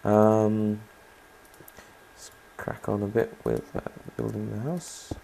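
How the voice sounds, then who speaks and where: Gravelly man narrating his gameplay. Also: lowish voice, flat delivery, slow, warm tone, a little hiss or hum. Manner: rambling, chatty, asks viewers to comment. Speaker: gaming channel host. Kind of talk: let's play commentary.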